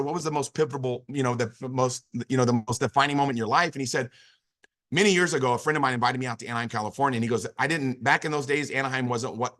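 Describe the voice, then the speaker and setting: A man in his fifties tells a motivational business story at a quick clip. His voice is bright and forceful. He talks in an animated way, stumbling over restarts and fillers as he pushes on. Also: mid-range voice. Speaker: business opportunity speaker.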